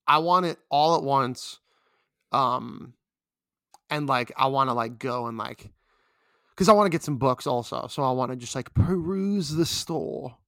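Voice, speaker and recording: A man's voice: mid-range voice, measured pace, fairly bright tone, dry recording, clean studio sound. A young man co-hosting a casual podcast, rambling and complaining with lots of fillers. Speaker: podcast co-host.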